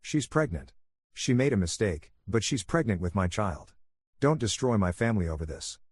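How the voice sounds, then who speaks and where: A man's voice: fairly low pitch, expressive, moderate pace, slightly rough, dry recording. A man voicing a distraught young husband who pleads and accuses over the phone. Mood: pleading. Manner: pleading, raised.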